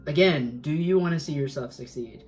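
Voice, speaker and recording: Woman, tarot reader, earnest and emphatic, fairly low voice, soft music underneath. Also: normal speed, low-quality recording. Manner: earnest, emphatic, repeats herself, swears for emphasis. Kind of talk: spoken tarot reading, motivational.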